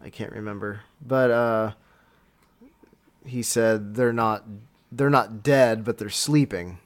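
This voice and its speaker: A man's voice: lowish voice, takes it slowly. A man in casual religious discussion, reflective and searching for words.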